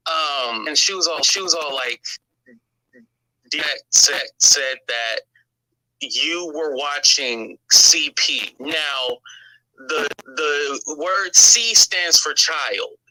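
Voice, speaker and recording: A man's voice: a little high, drawn-out words, sharp tone, no echo, poor audio. A man telling a long story on his stream, rambling, repeating words and acting out what others said. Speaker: YouTube commentator. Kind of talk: storytime commentary on a live stream.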